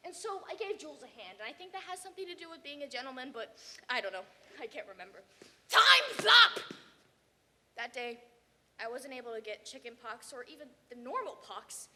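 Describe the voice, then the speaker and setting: A teenage girl giving a theatrical competition performance, swinging between hushed and shouted lines. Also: high-pitched, lively intonation, quick pace, long reverb tail, slight background noise. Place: banquet hall.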